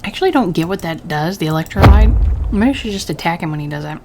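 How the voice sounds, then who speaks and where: A gaming channel host, a woman with a fairly low-pitched voice, talks fast with lively intonation over a very noisy recording. She plays a story game, reading its text aloud and dropping in casual, wry asides of her own between the lines.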